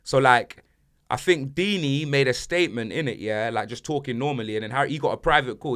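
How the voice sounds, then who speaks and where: A man hosting a football banter podcast, talking in slang with loud, laughing bursts. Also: medium pitch, fast.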